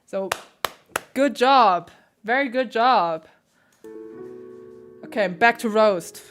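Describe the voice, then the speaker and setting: A woman who hosts a piano channel, critiquing viewers' playing with emphatic, animated coaching. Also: fairly high pitch, takes it slowly. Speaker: piano teacher and channel host.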